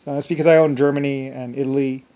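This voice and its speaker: A man's voice: medium pitch, little pitch movement, quick pace, warm tone, muffled recording. A man talking alone in a meandering monologue, full of restarts and filler words. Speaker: solo vlogger. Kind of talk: rambling monologue.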